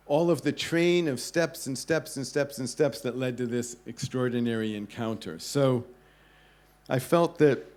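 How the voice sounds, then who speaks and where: A man at a club event recounts a travel story to an audience. He tells it with animation, acting out the people he met. His voice sits at an ordinary middle pitch. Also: darkish tone. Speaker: travel writer giving a talk. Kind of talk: storytelling talk to a live audience.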